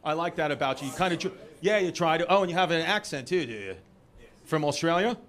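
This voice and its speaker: A man with a New York accent doing stand-up crowd work, telling loud, rowdy stories with shouted impressions. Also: fairly high pitch, animated, fast talker. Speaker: stand-up comedian. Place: comedy club stage. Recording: live club recording with noisy crowd. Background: crowd laughter.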